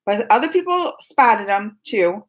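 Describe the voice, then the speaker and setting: A young woman hosting a live stream, excitedly retelling a fan encounter in casual chat, full of quoted dialogue and squeals. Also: mid-range voice, measured pace, rough recording. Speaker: livestream host.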